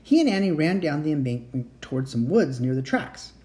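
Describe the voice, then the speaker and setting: A home reader reading a children's chapter book aloud. The voice is dark and mellow, and the pitch moves a lot through the story. There are occasional slips and restarts. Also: very animated, a little fast.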